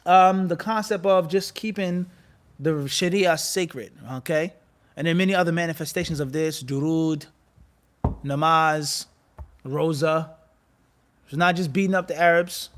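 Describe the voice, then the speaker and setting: A man giving an animated religious lecture and firing rhetorical questions at his listeners. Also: fairly high pitch, measured pace. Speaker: Islamic teacher.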